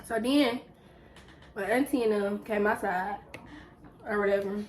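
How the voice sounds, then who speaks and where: A young woman vlogger, telling a story in a casual, animated way while eating on camera. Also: mid-range voice, a little slow, a little hiss or hum, rough recording. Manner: lively, animated retelling with acted quotes. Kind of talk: casual storytelling during a mukbang.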